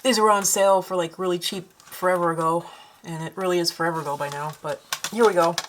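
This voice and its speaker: Speaking fast in a lowish, steady voice over a noisy background, a woman with a northern Minnesotan accent paints indoors at home. She rambles to her own camera as a vlogger and artist, chatty and meandering, with many fillers and restarts.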